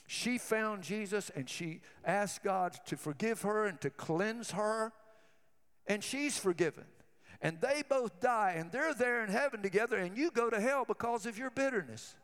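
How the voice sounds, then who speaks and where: High-pitched guy preaching a sermon, all fired up and telling stories, big echoey church sound. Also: fairly bright tone. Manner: fervent, storytelling preaching. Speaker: pastor.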